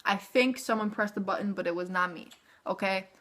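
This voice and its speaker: A woman's voice: mid-range voice, fairly quick. A woman in her twenties telling a personal story to camera in a chatty, casual way, full of "like". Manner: chatty, filler-heavy "like", animated retelling. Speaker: vlogger.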